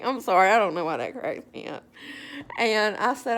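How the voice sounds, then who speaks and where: A woman telling a story in a casual, animated way with wry humor. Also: on the high side, moderate pace, slight background noise.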